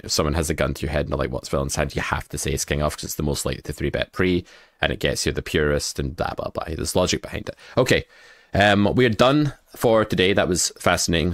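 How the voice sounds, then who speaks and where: A man with an extremely low voice hosts a poker hand review, thinking out loud and getting excited over his own reads. His delivery is jokey and quick to laugh at himself. The sound is dry and close. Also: no room sound. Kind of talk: casual poker hand analysis.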